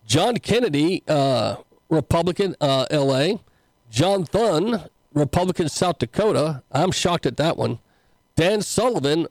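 A man's voice: fairly high pitch, darkish tone, no room sound, low-quality recording. A man hosting a talk show as a pastor, mixing folksy preaching with casual political commentary and many fillers. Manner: folksy, conversational, with frequent fillers and restarts.

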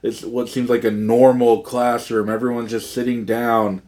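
A man's voice: mid-range voice, flat delivery, moderate pace, a little mellow. A man co-hosting a podcast in casual chat, saying "like" a lot between his words. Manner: filler-heavy, lots of "like". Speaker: podcast co-host.

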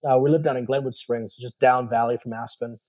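A man's voice: medium pitch, fast. A man telling a personal story in casual talk, acting out quoted dialogue with lots of fillers. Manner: animated, acts out quoted dialogue; many fillers and repeated "I was like". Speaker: guest telling his story.

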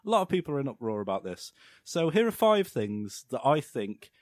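A man's voice: medium pitch, very animated, fairly quick, a little mellow, no room sound, studio quality. A young man, co-hosting a comedic chat and rambling through jokes with restarts. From Britain. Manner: rambling, joking, trails off and restarts. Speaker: podcast co-host.

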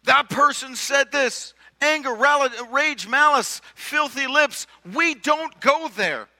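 Male pastor preaching, high bright voice, chatty, keeps asking the room questions, echoey church hall. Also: slow pace. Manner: conversational preaching, rhetorical questions, repeats words. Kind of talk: sermon. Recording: long hall reverb.

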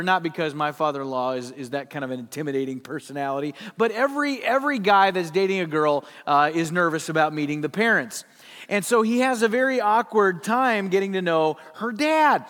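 A man's voice: sits high, fairly bright tone. A man in his fifties, a pastor telling a humorous story as he opens a sermon in a church sanctuary. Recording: long hall reverb.

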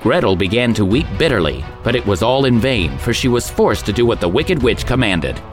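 Man, storybook narration, expressive lilting delivery, music playing clearly behind. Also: medium pitch, a little fast. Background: background music.

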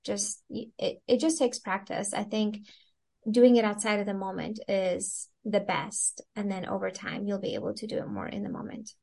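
A woman's voice: mid-range voice, fairly even intonation, normal speed, gravelly, mellow. A woman who works as a Christian stress coach, talking casually as a podcast guest, full of "like" fillers and thinking aloud. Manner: chatty, many "like" fillers, reflective. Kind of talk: casual interview chat.

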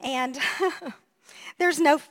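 A pastor in her fifties delivers a storytelling sermon in a high, bright voice at a very slow pace. Chatty and animated, she often breaks into laughter and acts out what people said.

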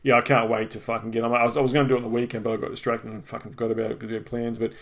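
A man's voice: mid-range voice, level tone, very fast. A middle-aged man, co-hosting a podcast and telling a long, exasperated, swear-filled complaint in a casual way. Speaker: podcast co-host. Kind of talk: casual ranting storytelling.

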